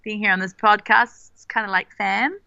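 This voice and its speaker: An Australian woman whose accent carries American traces, a company co-founder and podcast guest talking in a playful, expressive way. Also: medium pitch, moderate pace, gravelly, smooth, dry recording, highs cut off.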